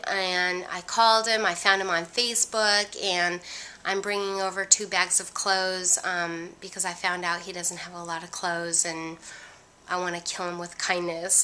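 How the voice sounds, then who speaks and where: A middle-aged woman vlogging casually about her family and ministry, rambling with many pauses and fillers. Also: mid-range voice, sharp tone, a little hiss or hum. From USA. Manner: rambling, lots of ums, gets emotional. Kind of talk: casual heartfelt talk to camera.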